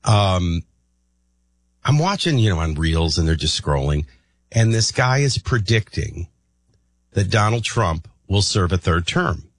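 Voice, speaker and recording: Husky, lively male radio host. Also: sits low, a little slow, dry recording. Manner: rambling, thinks out loud with many restarts. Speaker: radio talk show host. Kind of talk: morning talk radio commentary.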